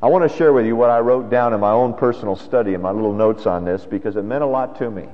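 A man's voice: lowish voice, fast talker. Man preaching in a reverberant hall. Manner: conversational preaching with rhetorical questions. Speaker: pastor. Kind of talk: sermon. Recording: dull lo-fi sound with long hall reverb.

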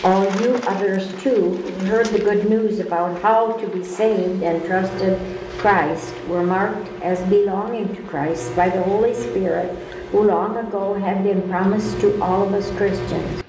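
A woman's voice: medium pitch, fairly even intonation, unhurried. Woman reading scripture from across a roomy hall. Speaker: class member reading scripture. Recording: distant mic in a roomy space with noise.

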